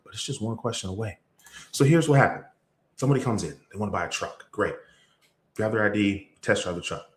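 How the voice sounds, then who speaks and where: An energetic man gives a motivational sales-coaching talk, telling stories with sudden jumps in pitch and loudness. The recording has a roomy echo.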